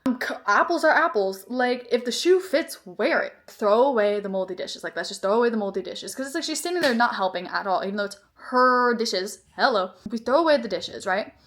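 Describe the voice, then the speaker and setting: A woman's voice: on the high side, animated, brisk, few pauses, fairly bright tone. Young woman vlogger, storytime, rambling and exasperated, filler-heavy. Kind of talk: storytime vlog.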